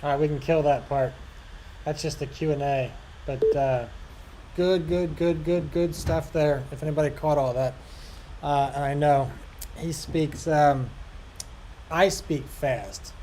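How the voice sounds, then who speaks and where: A man hosts a casual livestream, reading viewer comments aloud in an easygoing, self-deprecating way. He speaks slowly, often laughs at himself, and his voice sits fairly high for a man. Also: steady tone, mellow, a little hiss or hum, low-quality recording. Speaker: livestream host.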